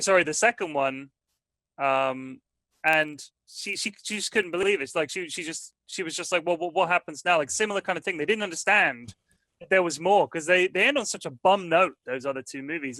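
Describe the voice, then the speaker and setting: A man chatting as a podcast guest, telling stories quickly and animatedly. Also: on the high side, sharp tone, no room sound. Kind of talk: casual podcast chat.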